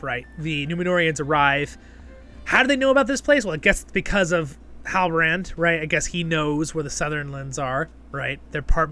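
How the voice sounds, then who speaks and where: A man's voice: on the high side, bright, forceful tone. A man hosting his channel, casually recapping and reviewing a fantasy episode, rambling and often checking in with "right?". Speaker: show reviewer and channel host.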